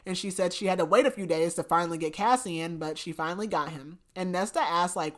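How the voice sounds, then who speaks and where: In a lowish voice and at a fairly quick clip, a woman co-hosting a podcast recaps a book. She's chatty and fills her retelling of the story with filler words.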